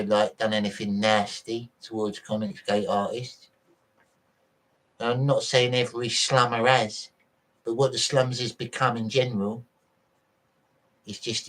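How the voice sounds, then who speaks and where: Man, livestream host, blunt, sweary, ranting, mid-pitched voice, reads viewer messages. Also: fairly bright tone, low-quality recording. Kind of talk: casual livestream chat reading viewer messages.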